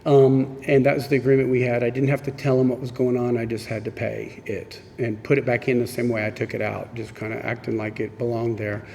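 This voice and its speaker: A man from Missouri shares his story at a group meeting in a frank, self-deprecating way, acting out the voices of the people he talks about. His voice sits at an ordinary middle pitch. The sound rings out in a reverberant hall with a faint hiss underneath. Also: flat delivery, a little fast, creaky, few pauses, darkish tone. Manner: candid, self-mocking storytelling that acts out quoted exchanges. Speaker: speaker at a recovery meeting. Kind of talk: personal recovery story told to a meeting. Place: meeting room. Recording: echoey hall with faint background noise.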